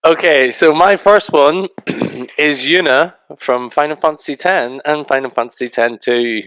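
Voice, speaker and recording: A man's voice: on the high side, unhurried, a bit bright, clear, resonant tone, no room sound, rough recording. A man co-hosting a gaming podcast, teasing the others and giggling. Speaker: podcast co-host. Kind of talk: casual podcast chat.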